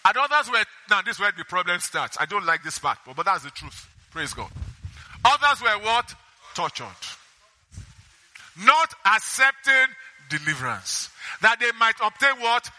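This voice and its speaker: Bright-voiced preacher in an echoey hall. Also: male voice, sits high, big pitch swings, moderate pace. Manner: call-and-response questions to the congregation; reads scripture aloud between remarks. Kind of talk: sermon.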